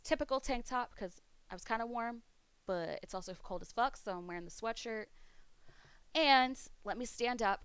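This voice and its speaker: A woman's voice: mid-range voice, fairly bright tone, clean tone, no echo. A woman streamer chatting casually, swearing freely as she rants. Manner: profane, ranting. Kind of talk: casual chat. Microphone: streaming mic.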